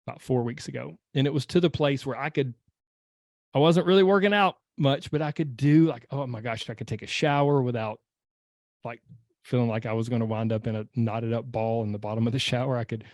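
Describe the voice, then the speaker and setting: A man hosting a podcast, telling a personal story in a casual, animated way and acting out his own inner voice. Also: mid-range voice, fairly quick, dry recording, clean studio sound. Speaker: podcast host and weight-loss coach.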